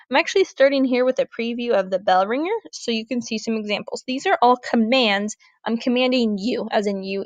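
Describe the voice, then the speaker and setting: A woman Spanish teacher, walking through a recorded grammar lesson, clear and deliberate, slowing down to model words. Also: on the high side, no echo. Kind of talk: recorded classroom lesson over slides.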